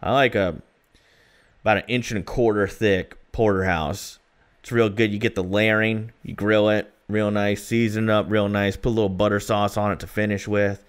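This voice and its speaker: A man's voice: on the low side, flat delivery, moderate pace, clean tone. A man co-hosting a podcast, chatting casually and telling rambling stories with plenty of fillers. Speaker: podcast co-host.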